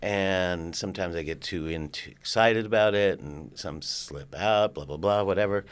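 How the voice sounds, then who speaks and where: Older man, from California, low voice, casual storyteller, acts out dialogue, swears. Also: moderate pace, smooth. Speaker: podcast guest.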